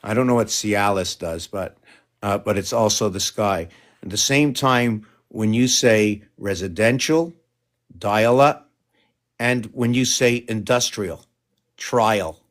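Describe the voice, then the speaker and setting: Rambling man talking to camera. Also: lowish voice. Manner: wandering, stream-of-consciousness, frequent restarts and asides; talks in a coaxing way to his cat. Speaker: video creator. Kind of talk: rambling solo monologue to camera.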